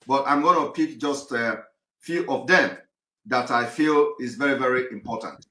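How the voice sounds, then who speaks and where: A man with a Nigerian English accent hosting a call-in show, speaking haltingly with many fillers. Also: mid-range voice, sharp tone, echoey room. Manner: hesitant, many fillers and restarts. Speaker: host.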